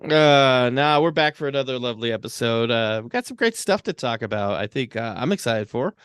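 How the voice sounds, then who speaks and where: A man's voice: medium pitch, animated, a little fast, a bit bright, smooth, dry recording, clean studio sound. A man co-hosting a casual podcast who says uh a lot and laughs easily. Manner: many uh fillers, laughs easily, upbeat. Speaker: podcast co-host.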